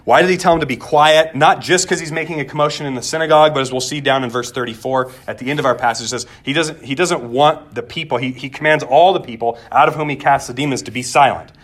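A man's voice: mid-range voice, fast talker, hardly any pauses, a bit bright. A pastor preaching a sermon in a conversational way, repeating words as he goes and asking the room questions.

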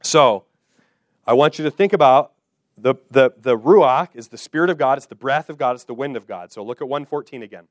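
A man's voice: medium pitch, animated, brisk, dry recording, clean studio sound. A man preaching in repeated, rhythmic phrases. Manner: repetitive, rhythmic phrasing that builds and settles. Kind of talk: expository sermon.

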